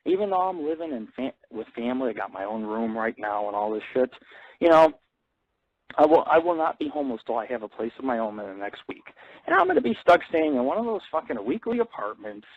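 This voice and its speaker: A man's voice: medium pitch, very animated, a little fast, no echo, narrow, tinny audio. A man hosting an internet radio show, rambling bluntly and swearing constantly in a casual monologue. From grew up in an Italian-American family.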